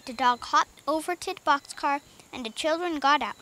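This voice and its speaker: A woman reading a children's book aloud in an expressive, lively way, with small slips now and then. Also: high-pitched, normal speed. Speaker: audiobook reader.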